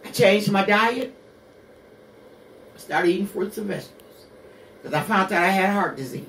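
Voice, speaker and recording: A woman's voice: medium pitch, animated, moderate pace, creaky, fairly bright tone, echoey room, far from the mic, a little hiss or hum. A woman in her sixties hosting a radio show, telling her own hard story bluntly, with curses and rhetorical questions. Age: 60s. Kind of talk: candid personal monologue.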